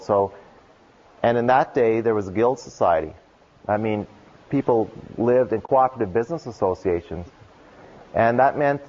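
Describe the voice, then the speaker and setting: A man giving a keynote talk at a conference, telling stories casually with lots of "like" and acting out the voices of the people he quotes. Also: lowish voice. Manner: animated storyteller, acts out quoted voices, casual "like" fillers. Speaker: keynote speaker. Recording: dull lo-fi conference recording.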